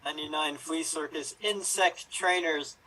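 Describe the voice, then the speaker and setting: A man's voice: fairly high pitch, fairly even intonation, unhurried, sharp tone, rough recording. A man playing an improv pun game, telling jokes playfully with quoted lines. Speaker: improv player.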